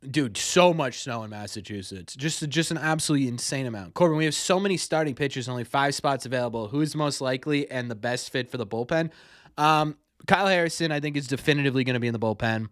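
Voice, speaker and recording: Speaking fast at a medium pitch, a young sports podcast host runs a casual live stream and answers viewers' questions in a meandering way. He often stumbles and repeats his words. The audio is clean studio sound without echo.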